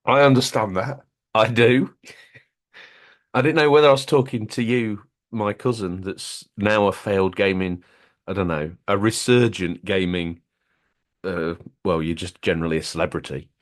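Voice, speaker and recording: A man's voice: lowish voice, steady tone, moderate pace. A man hosting a gaming podcast, playful and bantering. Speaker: podcast host. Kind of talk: casual gaming podcast chat.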